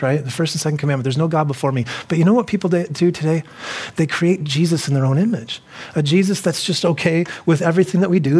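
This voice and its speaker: A man's voice: on the high side, a little mellow, breathy edge. A middle-aged man preaching a sermon to a congregation in a loose, conversational way, often repeating himself and putting questions to the listeners. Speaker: pastor.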